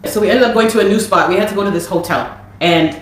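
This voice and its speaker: A woman from Canada, a musician, giving an animated and exasperated account of a dispute, with many restarts. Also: medium pitch, quick pace. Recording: very echoey room.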